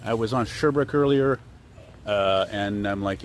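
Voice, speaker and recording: A man's voice: lowish voice, a little fast. Chatty man on a street walk. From Canada. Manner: chatty, digressive, filler-heavy. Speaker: vlogger. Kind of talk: rambling walking vlog. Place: outdoor city street.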